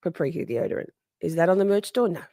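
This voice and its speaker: A woman's voice: fairly low pitch, fast, mellow, dry recording, studio quality. A woman hosting a casual livestream, chatty and sassy, reading out viewer comments, answering them, laughing often and swearing freely. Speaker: livestream host.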